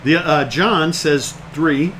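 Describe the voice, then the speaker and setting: A man's voice: a little high, slow pace, a bit bright, a little hiss or hum, poor audio. A man co-hosting a casual live trivia stream, teasing and reeling off viewers' answers. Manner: jokey and teasing, rattling off names. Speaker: co-host of a live-streamed travel trivia show. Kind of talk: casual banter while reading viewer answers.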